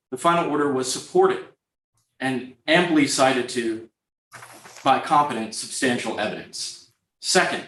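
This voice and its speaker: A man's voice: mid-range voice, a bit bright. Lawyer guy making his case point by point, sounds far off in an echoey room. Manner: formal, structured, numbered points. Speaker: attorney for the agency. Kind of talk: courtroom oral argument. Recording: echoey courtroom, voice far from the mic.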